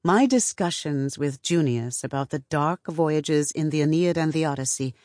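Woman reading a novel out loud, steady and measured, dry booth sound. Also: low-pitched, dry recording. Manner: measured, even storytelling. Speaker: audiobook narrator. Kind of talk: scripted first-person audiobook narration.

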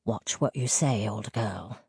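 A woman's voice: extremely low pitch, animated, normal speed, mellow, husky, no echo, full character voice. A woman voicing a man in his late thirties, a mining engineer who talks in a dry, clipped, dismissive way. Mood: firm.

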